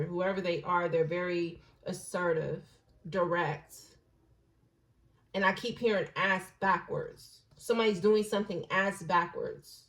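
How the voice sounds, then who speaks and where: A woman giving a casual intuitive tarot reading, slangy and blunt, musing aloud and dropping into soft hushed asides. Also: lowish voice, rough recording. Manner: slangy and blunt, with occasional swearing. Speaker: tarot reader.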